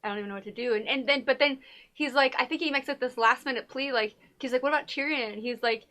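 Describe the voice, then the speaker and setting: A young woman talks through a TV episode with a friend, animated and quick to act out what the characters said. Her voice sits high and sounds bright and forward. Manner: animated retelling, acting out characters' lines; says "y'all". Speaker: co-host of a TV recap show. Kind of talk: casual chat.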